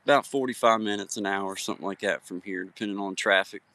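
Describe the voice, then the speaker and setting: A Virginia man livestreams from his phone on a hiking trail at sunset, chatting casually and greeting viewers by name with folksy warmth. His lowish voice is quick, pushed and bright, and the recording is dry.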